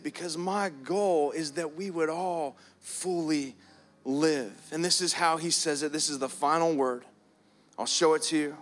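Soft keys play as a pastor with a voice on the high side preaches at a measured pace in a church hall. He's earnest and keeps repeating words, stretching them out to emphasize them.

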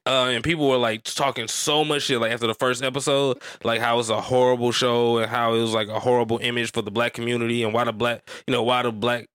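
A man's voice: medium pitch, little pitch movement, quick pace, hardly any pauses, fairly bright tone, smooth, no room sound, clean studio sound. A man co-hosting a podcast, telling stories in a rambling, profane, casual way full of "like" fillers. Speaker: podcast co-host. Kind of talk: casual chat.

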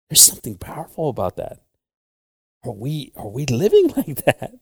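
A man's voice: medium pitch, wildly swooping pitch, fairly quick, gravelly, husky, no room sound, clean studio sound. A man preaching and leading prayer as a pastor, switching between English and Spanish and calling on the Lord again and again. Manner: pleading prayer with repeated "Lord" and "Jesus". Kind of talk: bilingual sermon and prayer.

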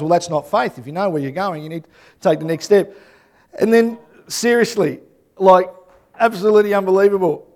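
A man in his thirties or forties, a pastor preaching a sermon with animated, chatty storytelling and frequent tag questions. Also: a little high.

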